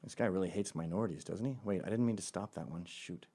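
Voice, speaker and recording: A man's voice: sits low, fast, warm tone, slightly rough. A male host giving sarcastic, mocking commentary on voicemails he plays.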